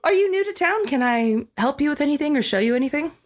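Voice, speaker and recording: Woman doing a smooth half-elf charmer. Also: fairly high pitch, expressive, moderate pace. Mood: flirtatious. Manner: smooth, flirtatious. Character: charming silver-haired male half-elf.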